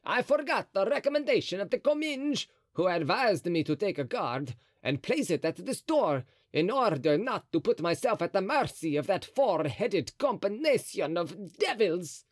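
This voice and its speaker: A man voicing a scheming, frightened old Italian cardinal in an audiobook, with a shrill, crafty, nervous manner. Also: very animated, normal speed, hardly any pauses, no echo, studio quality. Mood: alarmed.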